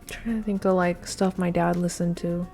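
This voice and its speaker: A woman's voice: on the low side, little pitch movement, normal speed, mellow, soft background music. A woman thinking aloud while taking a timed trivia quiz, flustered and muttering, with many hesitations. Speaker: quiz video creator.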